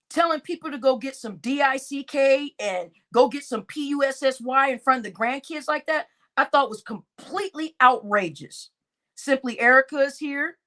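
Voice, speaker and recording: A woman's voice: sits high, bright, forceful tone. A woman giving an indignant, exclaiming livestream commentary, talking straight to her chat.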